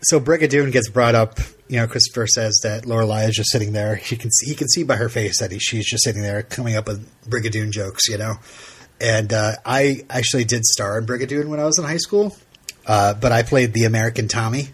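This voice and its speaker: With a mid-range, breathy voice and a fairly quick pace, a man co-hosts a podcast. His casual chat drifts around, with many fillers and restarts.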